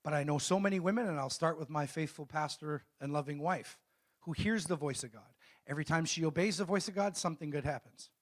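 A middle-aged male pastor delivering a sermon, his voice pitched a touch high for a man. He throws questions out to the congregation and waits for replies. When he reads scripture, he slows down and leans hard on each phrase. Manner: call-and-response preaching, asks the congregation questions; reads scripture slowly and emphatically.

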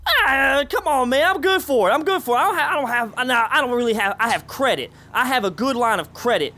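A man's voice: extremely high pitch, fast talker, a little hiss or hum, exaggerated voice. A man voicing a jittery, drug-addled young man in an improvised game role-play, rambling and repeating himself. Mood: wheedling. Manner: rambling, repetitive, excitable.

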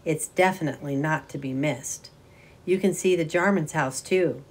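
A woman's voice: low-pitched, moderate pace, husky. A woman voicing a persistent, pushy boy sleuth. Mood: insistent. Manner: insistent, pressing. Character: eager, persistent boy detective.

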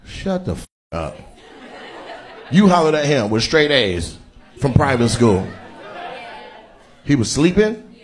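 A man's voice: mid-range voice, big pitch swings, takes it slowly, pauses often. A male stand-up comedian doing profane crowd work, roasting audience members with brash teasing. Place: comedy venue with a live audience. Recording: live audience laughter and cheering.

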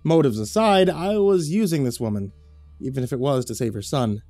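A man reading a horror story as narrator, measured and low-key, on a close studio mic. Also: lively intonation, dark tone, no room sound, faint music behind.

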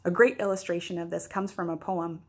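A woman's voice: on the low side, steady tone, a little fast, darkish tone. A woman pastor giving a daily devotional, teaching earnestly with playful asides.

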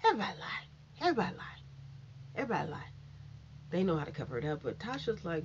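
A woman giving a casual, sassy opinion monologue as a commentary vlogger, swinging from loud outbursts to hushed asides. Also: high voice, sing-song, fairly quick, long pauses, slight background noise. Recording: muffled lo-fi recording.

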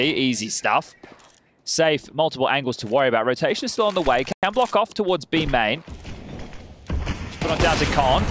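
A man's voice: mid-range voice, a bit bright, a little hiss or hum. A man with an Australian accent giving flowing live play-by-play as an esports caster. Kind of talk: live match commentary.

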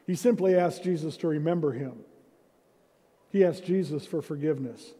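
A man with a slightly high, husky, warm voice speaks at normal speed. He's the senior pastor giving a sermon in a church sanctuary, chatting conversationally and poking fun at himself. The hall's acoustics are reverberant.

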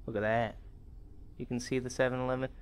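A man's voice: medium pitch, level tone, fast, clear, resonant tone. A man hosting a gaming channel, giving chatty, rambling commentary as he plays, laughing often. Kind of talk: casual game commentary.

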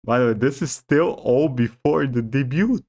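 A man's voice: mid-range voice, normal speed, faint music behind. A man hosting a reaction video, joking and swearing freely in casual commentary. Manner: swears freely, jokey and animated.

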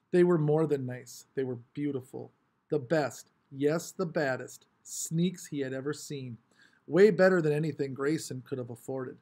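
A man reading a novel aloud with expressive, varied storytelling. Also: a little high, unhurried. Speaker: audiobook reader.

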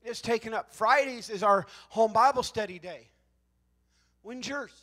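A man with a notably high voice preaches a Pentecostal sermon. He talks to the congregation in a folksy, joking way and swings from quiet asides to loud, emphatic shouting. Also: unhurried. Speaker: pastor.

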